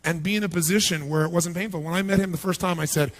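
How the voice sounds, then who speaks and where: High, energetic man working a big crowd. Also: quick pace. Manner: energetic, punchy, quizzes the audience. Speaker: motivational seminar speaker. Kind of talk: live motivational seminar talk. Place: large seminar hall with thousands present.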